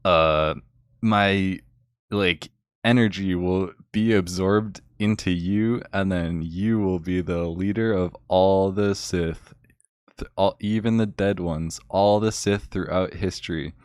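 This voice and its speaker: A scheming old emperor speaks in a slow, drawn-out way, put on by a man recapping a movie. The voice sits very low. It sounds dry and close, with no room echo. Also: steady tone, clean tone. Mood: smug. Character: scheming ancient male evil emperor, slow.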